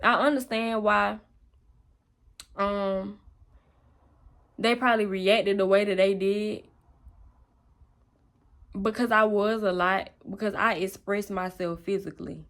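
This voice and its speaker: A woman's voice: medium pitch, steady tone, slow pace, pauses often, a bit bright. Candid young woman telling her story. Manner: candid, raw and emotional. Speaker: vlogger. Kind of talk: personal testimony storytelling.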